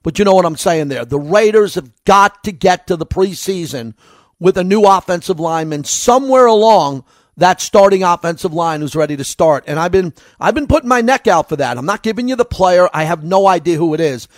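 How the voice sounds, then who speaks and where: A man's voice: sits high, animated, brisk, no echo. A man with a New York accent giving a solo sports commentary as host, in a conversational, rambling way.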